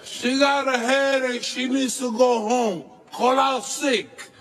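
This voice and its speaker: A man's voice: very high-pitched, fairly even intonation, slow pace, gravelly, fairly bright tone, exaggerated voice. A man mockingly imitating a whiny woman with a headache, drawling and taunting, outdoors on a city sidewalk into a handheld camera.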